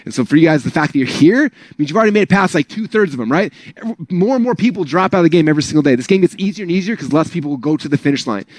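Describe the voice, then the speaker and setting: Man, motivational talk, rapid, casual rambling, dry close sound. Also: on the high side, expressive, a little mellow, dry recording. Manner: casual, rambling, full of "like" and "right?". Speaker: speaker at an online business training.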